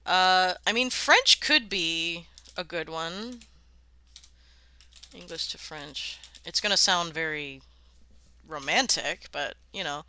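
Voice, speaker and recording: Woman streamer, unhurried delivery, talky, cursing and laughing, dry sound. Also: fairly low pitch, lively intonation, bright, forceful tone, no echo. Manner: chatty, swears freely, laughs often, sounds out words. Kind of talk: casual live-stream chat while worldbuilding.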